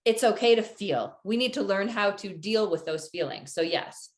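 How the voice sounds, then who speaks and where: A woman's voice: mid-range voice, expressive, normal speed. A woman hosting a podcast interview, reflecting and affirming her guest's points. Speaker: podcast host. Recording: roomy echo.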